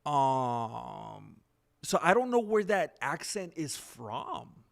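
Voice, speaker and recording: Hosting a casual livestream, a man with a medium-pitched voice and vocal fry speaks slowly yet very animatedly, rambling and reacting to the chat with many ums.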